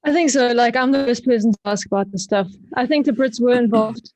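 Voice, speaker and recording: A woman's voice: fairly high pitch, fairly quick, a little mellow, dry recording. A South African woman guesting on a podcast, chatting in a rambling way with lots of fillers. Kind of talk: casual chat.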